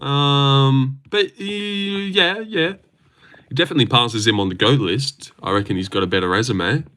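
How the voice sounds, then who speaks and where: A young man with a mid-range voice and an Australian accent speaks at normal speed. Running a casual livestream, he reads out viewers' comments in loose, excitable, sweary banter.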